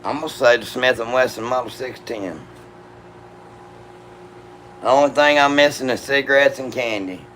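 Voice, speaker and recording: A man's voice: mid-range voice, normal speed, long pauses, a bit bright, slight background noise, rough recording. A man hosting a gun channel, answering live chat questions in a laid-back, profane, drawling way. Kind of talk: casual livestream chat.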